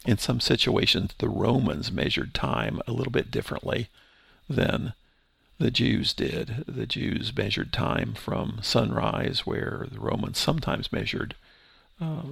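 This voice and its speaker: A man's voice: mid-range voice, a bit bright, no room sound, studio quality. A man teaching through a Bible passage verse by verse, explaining in a conversational way with restarts. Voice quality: gravelly, husky voice.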